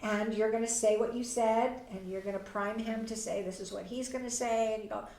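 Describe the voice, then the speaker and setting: A woman's voice: a little high, fairly even intonation, a little fast, darkish tone. Woman coaching parents in an echoey room. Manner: coaching, acts out sample dialogue with a child. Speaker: parenting instructor. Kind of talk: parenting class, answering questions. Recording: echoey room, mic at a distance.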